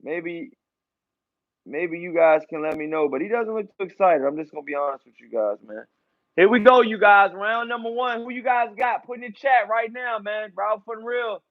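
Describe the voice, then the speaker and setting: A man's voice: high voice, expressive, moderate pace, narrow, tinny audio. A man hosting casual live boxing commentary for his channel, loose and hyped, leaning on fillers and catchphrases.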